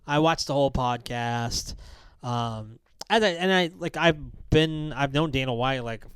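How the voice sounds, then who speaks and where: Smooth-voiced man in loose rambling chat. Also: medium pitch, a little slow, a bit bright, no room sound. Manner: rambling, lots of "like" and "um". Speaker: podcast co-host, counselor. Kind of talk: casual podcast chat.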